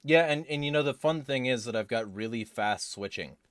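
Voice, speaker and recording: A man's voice: medium pitch, brisk, smooth, no room sound, clean studio sound. A man hosting a casual livestream who reads chat comments aloud in a laid-back, swearing manner. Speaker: livestream host.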